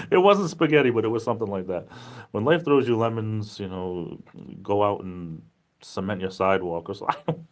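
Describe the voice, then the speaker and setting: A tired man with a Rhode Island accent, chatting casually on a livestream, rambling and upbeat with frequent laughs. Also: on the low side. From New England. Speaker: livestream host. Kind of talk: casual livestream chat reading viewer comments.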